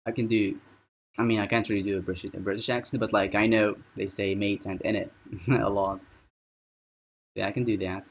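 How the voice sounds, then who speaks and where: Male streamer, low voice, casual aimless chatter, thinks out loud; muffled home-stream sound. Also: flat delivery, fairly quick, long pauses. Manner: rambling, thinking aloud while working. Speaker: live streamer. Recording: dull lo-fi stream audio.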